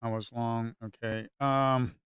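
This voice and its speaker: A man's voice: mid-range voice, little pitch movement, takes it slowly, fairly bright tone, smooth, no echo, clean studio sound. A man streaming his live trading who talks bluntly, swears, and repeats himself as he gets exasperated. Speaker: day trader streaming live. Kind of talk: casual live commentary while trading.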